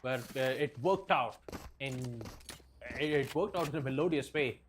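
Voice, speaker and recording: A man's voice: mid-range voice, normal speed, a little hiss or hum. A man giving esports color commentary, analytical and prone to fillers. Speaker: esports caster.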